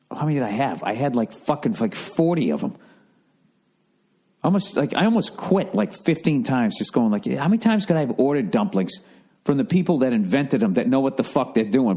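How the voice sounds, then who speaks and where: A man's voice: fairly low pitch, a little mellow, husky. A middle-aged American man telling a rambling, profane comedic story as a podcast host.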